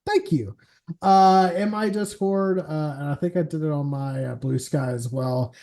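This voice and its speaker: A man's voice: on the high side, a little slow, mellow. A man hosting a stream, chatting casually in a laid-back way, swearing and laughing often. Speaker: show host.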